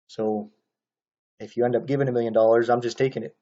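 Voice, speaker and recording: Man, casual commentary monologue, rambling with many fillers, mellow tone, dull lo-fi sound. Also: mid-range voice, flat delivery, fast, pauses often. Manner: rambling, frequent fillers and restarts.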